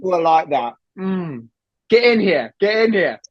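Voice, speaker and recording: A man doing a cheeky, flirty british bloke in a jokey mock accent, husky and bone-dry, raising his voice with excitement. the sound is close and dead, with no room around it. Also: high-pitched, unhurried, no room sound, dull audio, pitched above the performer's own voice, exaggerated voice. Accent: put-on British.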